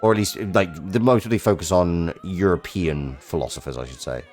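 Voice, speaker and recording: A man's voice: low voice, moderate pace, faint music behind. A man streaming a card game, chatting casually and rambling in a self-deprecating way.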